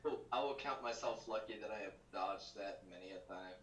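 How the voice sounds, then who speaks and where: Low-voiced man, distant in an echoey room. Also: brisk. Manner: relaxed, swears casually. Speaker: podcast guest. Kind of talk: casual chat. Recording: echoey room, set back from mic, faint noise.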